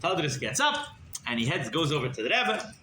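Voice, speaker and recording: Male rabbi, storytelling sermon, somewhat high voice, echoey hall with background noise. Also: brisk. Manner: animated, conversational storytelling.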